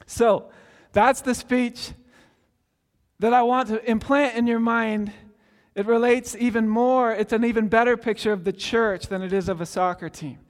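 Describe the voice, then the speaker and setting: A pastor in his forties, with an extremely high voice and fairly even intonation, preaches at normal speed against a long reverb tail. He tells stories conversationally, repeatedly restarting his sentences.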